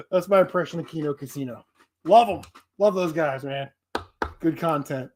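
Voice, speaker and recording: A man's voice: fairly high pitch, background noise. A man hosting a casual live stream, rambling and laughing often. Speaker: streamer host.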